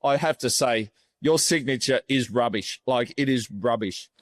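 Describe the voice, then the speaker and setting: A man's voice: mid-range voice, normal speed, no echo, studio quality. A middle-aged Australian man chatting on a cricket podcast, matter-of-fact and teasing his mates. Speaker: podcast co-host, former fast bowler. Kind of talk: casual banter.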